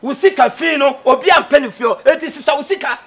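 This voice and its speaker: A stubborn man with a Ghanaian accent, as an actor plays him in a comedy film. His voice sits very high and he talks fast, repeating his refusals over and over. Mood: insistent. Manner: insistent, repeats himself, refuses flatly.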